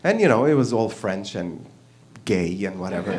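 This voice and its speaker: Very animated and brisk, this stand-up comedian has a lowish, darkish voice as he rambles and curses through an open mic set, cracking himself up along the way.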